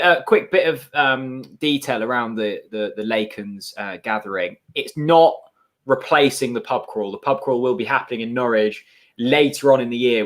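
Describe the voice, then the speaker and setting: A man co-hosting a football fan watchalong, relaxed and teasing as he reads comments and shares news. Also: medium pitch. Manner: relaxed, teasing, many fillers and restarts. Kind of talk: casual fan chat.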